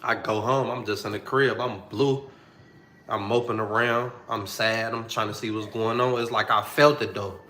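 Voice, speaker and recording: A man's voice: on the low side, steady tone, moderate pace, pushed and bright, reverberant, a little hiss or hum. A young man telling a personal story to the camera in a slangy, repetitive, heartfelt way.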